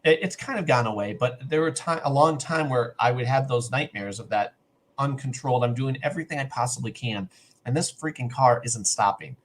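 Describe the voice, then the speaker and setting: A man's voice: medium pitch, fairly quick, a little hiss or hum. A middle-aged man telling a long personal story on a podcast, acting out the other people's lines as he goes. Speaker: podcast co-host. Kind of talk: casual storytelling.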